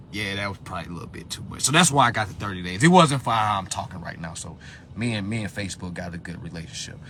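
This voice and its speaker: A man's voice: medium pitch, bright, forceful tone, breathy edge. A man ranting bluntly to his live-stream viewers, swearing often and lecturing like a preacher. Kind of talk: profane motivational rant. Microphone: phone.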